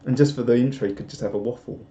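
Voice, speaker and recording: A young Englishman rambles through a casual live stream chat, reading viewer comments and poking fun at himself. His voice is mellow and a little dark. The sound is roomy and slightly dull, like a home setup. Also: medium pitch, very fast. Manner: rambling and self-deprecating, with chuckles.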